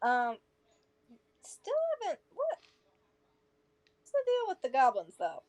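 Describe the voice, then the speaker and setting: A woman's voice: high voice, huge pitch swings, takes it slowly. A woman playing a tabletop game who keeps asking curious questions in casual chat. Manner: curious, asks many questions. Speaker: player.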